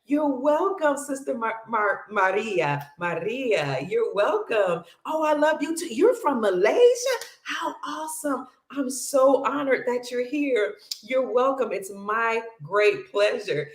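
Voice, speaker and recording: Woman livestream host, high voice, effusive and long-winded, reads viewer comments, echoey room. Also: sing-song, slow pace. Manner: effusive and affectionate, calls viewers honey, sister, brother and family. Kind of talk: casual livestream chat reading viewer comments.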